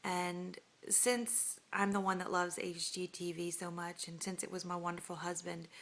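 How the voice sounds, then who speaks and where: Woman, thirties, heartfelt and hesitant at home on camera; clear, bright tone. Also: on the low side, little pitch movement, normal speed. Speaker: homeowner making an audition video. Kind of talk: earnest home-video plea to camera.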